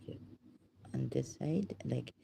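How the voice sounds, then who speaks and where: A woman speaking haltingly and emotionally in an unscripted reflection, often dropping to a whisper. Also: very deep voice, gravelly, dark tone, slight background noise. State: emotional, overwhelmed. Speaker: vlogger.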